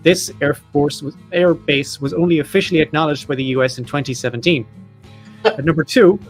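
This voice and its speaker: A man's voice: on the high side, a little fast, soft background music. A man hosting a podcast, reading off facts and lists in a casual chat with jokey asides. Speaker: podcast host.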